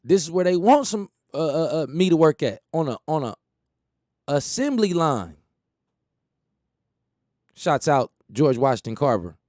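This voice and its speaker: A man's voice: fairly high pitch, very animated, unhurried, long pauses, darkish tone, no room sound, studio quality. Emphatic man riffing on talk radio. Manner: rambling, emphatic, repeats phrases, laughs at his own jokes. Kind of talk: casual monologue.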